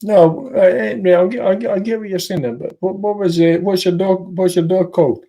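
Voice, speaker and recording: Man, Scottish accent, casual live-stream chat, slightly high voice, animated, repetitive. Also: fairly quick. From Scotland. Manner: animated, repeats himself, chatty with the viewers.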